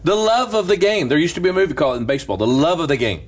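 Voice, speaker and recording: A man's voice: fairly high pitch, racing. A middle-aged man, a preacher, telling a story in casual chat and quoting the people in it. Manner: animated storyteller, quotes others, laughs often. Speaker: preacher and talk show guest.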